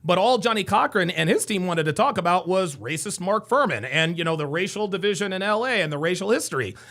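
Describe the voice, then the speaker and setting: Animated high-voiced male stream host. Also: fast. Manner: animated, exclaims loudly. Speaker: live stream host giving dating advice. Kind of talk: casual call-in chat.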